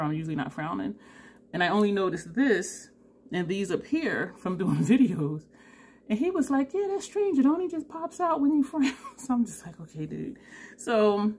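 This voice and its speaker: A tired woman, telling a story to camera in a chatty way, laughing often and acting out both sides of the conversation. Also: mid-range voice. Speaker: beauty vlogger.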